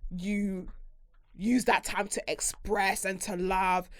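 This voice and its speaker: A woman co-hosting a podcast, telling stories in casual chat, animated and quick, swearing and laughing often. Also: medium pitch, no room sound, clean studio sound. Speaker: podcast co-host.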